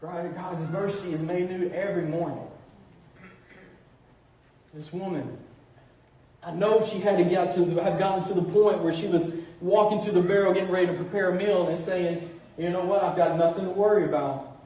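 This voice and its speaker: A man's voice: high voice, steady tone, normal speed, pauses often, dark tone. Man preaching in a very echoey church. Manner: preaching with repeated "church" call-outs and restarts. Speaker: pastor. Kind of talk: sermon. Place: church sanctuary. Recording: very echoey, distant church recording with faint noise.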